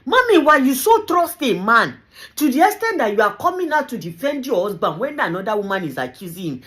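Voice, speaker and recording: A woman with a Nigerian accent giving animated, teasing commentary as a vlogger, dropping in Yoruba phrases and laughing often. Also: on the high side, a little fast. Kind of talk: casual commentary to camera.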